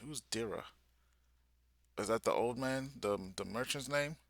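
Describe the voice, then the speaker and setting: A young man hosting a live manga reaction, reading aloud and reacting in excited, slangy casual talk. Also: mid-range voice, normal speed, creaky, dry recording. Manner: excited, slangy, talks along while reading.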